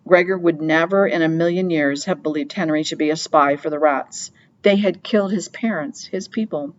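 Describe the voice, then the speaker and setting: A woman narrating an audiobook in a steady, plain storytelling manner. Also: deep voice, normal speed, dull audio. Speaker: audiobook reader.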